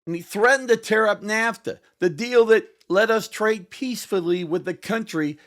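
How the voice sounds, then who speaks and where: A man hosting a podcast, delivering a scripted satirical monologue with theatrical pauses. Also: sits high, a bit bright. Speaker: podcast host.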